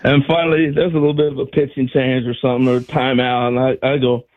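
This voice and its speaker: A former ball player, an older man, tells animated stories on a talk show and acts out other people's lines with laughs. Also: medium pitch, fast, hardly any pauses. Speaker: former baseball player, guest. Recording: dull lo-fi sound.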